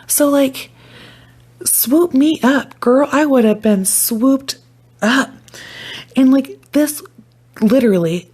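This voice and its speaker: Young woman vlogger, husky and gravelly, profane excitable rambler on a phone mic. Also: mid-range voice. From Idaho, USA. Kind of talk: casual commentary to camera.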